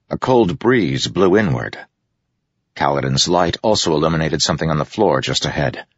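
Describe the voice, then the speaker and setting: A man reading a fantasy novel aloud in a measured, grave narration. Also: very deep voice, breathy edge, no room sound. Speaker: audiobook narrator. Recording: dull lo-fi audiobook recording.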